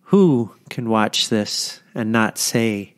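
A man hosting a podcast and reading a scripted narration in a measured, solemn way. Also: fairly low pitch, expressive, a little hiss or hum. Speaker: podcast host.

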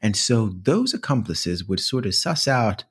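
A man's voice: lowish voice, sing-song, unhurried, husky. A man co-hosting a history podcast in casual chat, rambling with many fillers. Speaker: podcast co-host.

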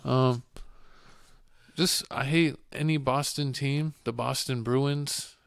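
Gravelly, flat-voiced man trash-talking. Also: mid-range voice, slow, dry recording, studio quality. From Texas. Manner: joking, blunt trash talk. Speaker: podcast host. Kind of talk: casual sports chat. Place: home studio podcast.

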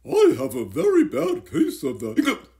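A man voicing a fussy little bird with hiccups who blurts loudly. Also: extremely high pitch, huge pitch swings, a little slow, vocal fry, pitched above the performer's own voice, heavily acted. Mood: complaining.

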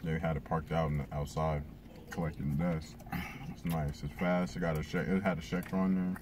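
A man's voice: very deep voice, little pitch movement, brisk, background noise. A man joining a casual mukbang as the guest, laid-back and giving short answers. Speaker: guest cousin.

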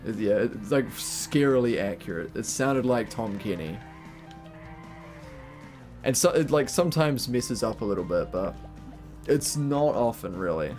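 Young New Zealand man, rambling gamer-streamer energy, mid-pitched voice, faint game music underneath. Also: animated, normal speed, darkish tone. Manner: rambling, laughing, swearing casually. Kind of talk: casual live-stream gaming chat.

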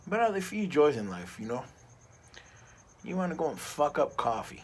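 A man's voice: mid-range voice, big pitch swings, moderate pace, long pauses, a little hiss or hum. A middle-aged man reviewing a cigar in a casual vlog, rambling and ranting with plenty of profanity.

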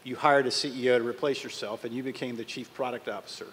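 A man moderates a panel, putting relaxed questions to his guest and pausing on fillers as he goes. His voice sits at a middle pitch. The recording carries a long hall reverb and a faint background hiss. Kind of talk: interview questions.

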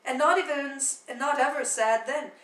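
A woman's voice: sits high, moderate pace, a bit bright, echoey room, distant mic, voice pushed up, poor audio. Woman reading as a fond older father. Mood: fatherly. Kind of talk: dramatic play reading.

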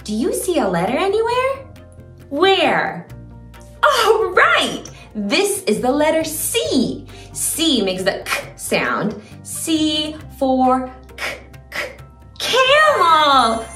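A young woman hosts a children's learning video in a playful, exaggerated, sing-song way. Her voice sits high and sounds pushed and bright, and she takes things slowly. The room is echoey, with faint music in the background.

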